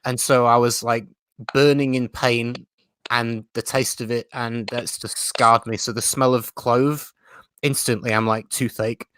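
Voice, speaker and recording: A man's voice: mid-range voice, flat delivery, a little slow, fairly bright tone, smooth, dry recording. A man hosting a live stream chat, talking in a chatty, self-mocking way and laughing often. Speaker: host.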